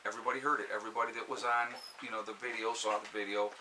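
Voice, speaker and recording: Man, opinionated vlogger, bright and pushy delivery, ranting but casual. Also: lowish voice, level tone, rapid-fire, a little hiss or hum, poor audio. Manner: emphatic, ranting, with frequent "okay?" asides.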